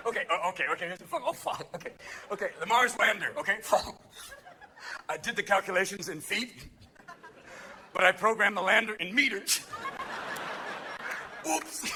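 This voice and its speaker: A man's voice: high voice, sing-song, moderate pace, pauses often. A man doing stand-up comedy on a theater stage, manic and profane, jumping between voices. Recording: live show, loud audience noise.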